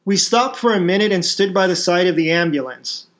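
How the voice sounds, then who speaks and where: High-voiced man reading his own story. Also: a little fast, fairly bright tone. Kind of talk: first-person story narration.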